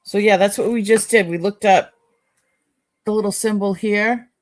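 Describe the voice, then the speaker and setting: A woman's voice: medium pitch, steady tone, moderate pace, a little mellow. A woman with a Boston accent chatting casually on a live stream, musing aloud as she examines jewelry for sale. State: sore neck.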